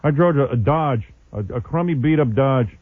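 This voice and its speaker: A man's voice: medium pitch, normal speed, dry recording. A man hosting a radio show, telling self-mocking stories in casual on-air banter. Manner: animated, self-mocking storytelling. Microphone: studio microphone. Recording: narrow phone-like radio broadcast audio.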